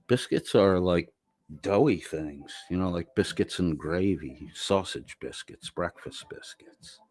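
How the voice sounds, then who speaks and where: A man's voice: deep voice, animated, measured pace, a little mellow. A man live-streaming, reading chat comments aloud and answering them in a rambling, profane, casual way. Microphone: laptop microphone.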